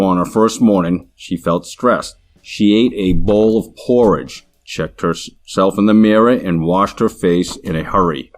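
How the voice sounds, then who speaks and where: A man with a Boston accent reading word lists and a short story, slowly and deliberately. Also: low voice, dry recording, poor audio. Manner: slow, deliberate, one word at a time. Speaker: language sample speaker.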